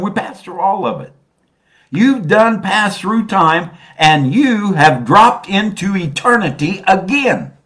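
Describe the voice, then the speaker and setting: A man with a fairly high voice preaches a sermon. He drops almost to a murmur, then swells loud again, and he draws out key phrases slowly to drive them home. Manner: preaching with sudden swings between soft and loud.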